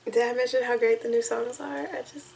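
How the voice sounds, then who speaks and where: A young woman vlogging to camera, emotional and tearful, talking in halting, rambling sentences full of restarts. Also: on the high side, steady tone, vocal fry, a little mellow, slight background noise, low-quality recording. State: tearful, crying on and off. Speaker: vlogger reacting to music. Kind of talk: casual emotional talk to camera.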